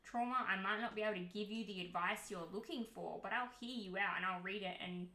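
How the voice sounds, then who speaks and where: A woman streamer talking straight to her chat in a bright, clear voice, blunt and unfiltered, with swearing dropped in freely. Her voice sits at an ordinary middle pitch. The room around her gives it a noticeable echo. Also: fairly quick. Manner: candid and heated, swears freely. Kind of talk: casual livestream chat. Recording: roomy echo.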